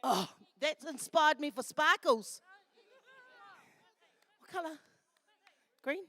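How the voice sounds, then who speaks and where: Festival MC, woman, New Zealand accent, high and unhurried, chatty and affectionate. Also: animated, pushed and bright, some chatter behind. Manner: chatty and affectionate, calls people darling. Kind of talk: live event MC, handing out and announcing. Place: festival venue.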